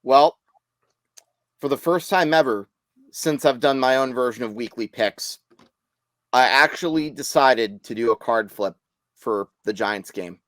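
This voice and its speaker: A man's voice: medium pitch, a bit bright, no echo. A man on a sports podcast panel, talking in a wry, casual way. The recording is dry and close.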